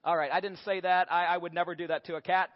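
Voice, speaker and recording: A man delivers a sermon with animated, humorous storytelling. His voice sits high for a man. The recording is dull and lo-fi, with a long hall reverb. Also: fast. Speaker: preacher. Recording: echoey hall, dull lo-fi sound.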